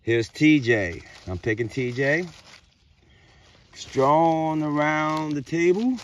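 A man vlogging outdoors in the woods, rambling excitedly and joking as he goes. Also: a little high, slow, highs cut off, a little hiss or hum. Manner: excited, rambling, talks to mushrooms playfully. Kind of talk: casual outdoor vlog narration.

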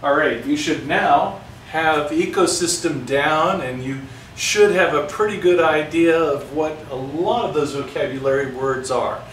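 A man's voice: fairly high pitch, a little slow, hardly any pauses, a bit bright, a little hiss or hum. A man teaching a casual science lesson, talking chattily and joking with his students. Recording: roomy sound, distant mic.

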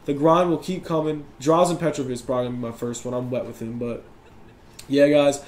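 A young man giving live commentary over a basketball video game, competitive and quick to yell and complain about his opponent. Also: medium pitch, fairly even intonation, reverberant. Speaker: gaming YouTuber.

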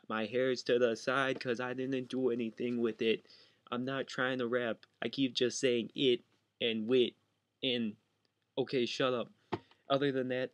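A young man rambles through a casual vlog in his bedroom, jumping from thought to thought and interrupting himself. His voice sits at an ordinary middle pitch. The sound is dry and close, with no room echo. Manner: fast, scattered, self-interrupting. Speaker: vlogger. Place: cluttered bedroom at home.

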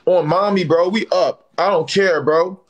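A young man chatting on a phone livestream, loud and excitable, full of slang and repeated "bro". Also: sits high, a little slow, a little hiss or hum. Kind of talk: casual livestream banter.

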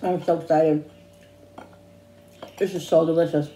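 A woman's voice: sits low, flat delivery, unhurried, warm tone, slight background noise. A woman chatting casually in a home cooking vlog, rambling with restarts and tasting hums. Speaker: cooking vlogger. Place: home kitchen. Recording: echoey kitchen with dish clatter.

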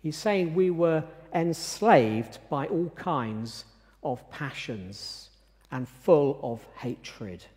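A man preaching a sermon in a measured, emphatic way, pausing often to stress his words. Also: fairly high pitch, animated, a little mellow. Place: church. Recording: reverberant church sanctuary.

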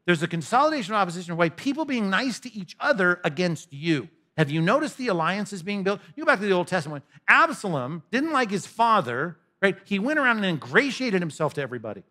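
A man's voice: high-pitched, very animated, fast, few pauses, bright, forceful tone. A man preaching a sermon in a conversational style, with humorous asides. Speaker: pastor.

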